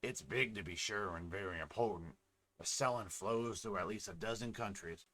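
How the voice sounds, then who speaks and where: A man's voice: on the low side, moderate pace, pushed and bright. A man voicing a friendly middle-aged village fisherman, talking in a plain, homely way. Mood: warm.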